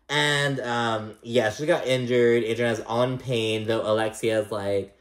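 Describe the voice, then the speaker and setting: Man, casual recap host, gossipy, profane, mid-pitched, roomy echo. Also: steady tone, unhurried, few pauses, a bit bright. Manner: chatty, gossipy and profane, full of likes and you knows. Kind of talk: casual episode recap commentary.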